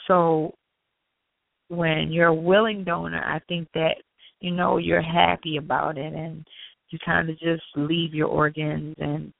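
Gravelly-voiced woman on a phone line. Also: sits low, measured pace, dry recording. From Annapolis, Maryland. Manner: animated, acts out dialogue. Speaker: guest. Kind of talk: personal storytelling in an interview. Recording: tinny phone-line sound.

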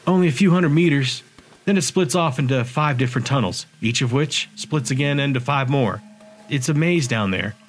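A man voicing a sharp-tongued young woman bartender and hacker, talking bluntly and casually in an audiobook. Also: medium pitch, moderate pace, close to an everyday voice. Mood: urging.

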